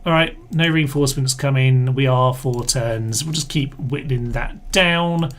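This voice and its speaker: A man's voice: medium pitch, measured pace. A man giving casual live commentary while playing a strategy game, rambling and correcting himself with wry asides. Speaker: game streamer.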